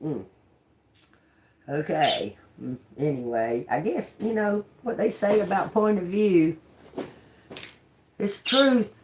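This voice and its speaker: A woman's voice: fairly low pitch, animated, slow pace, pauses often. A woman tarot reader talking in a casual, rambling monologue, blunt, sarcastic and full of swearing, laughing between remarks. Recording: noisy home recording.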